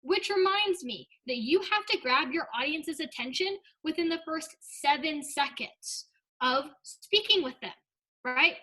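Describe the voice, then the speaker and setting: Bright high-voiced woman teaching public speaking. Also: expressive, measured pace, low-quality recording. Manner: upbeat, explanatory, checks in with "right?" and "okay?". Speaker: speech and debate presenter. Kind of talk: instructional talk with comic asides.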